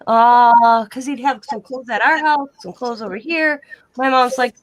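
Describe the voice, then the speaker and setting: A woman appearing as a guest on a live online show chats casually, rambling through long personal stories and acting out both sides of the dialogue in her plain voice. She sounds a little high and speaks at a measured pace, recorded dry.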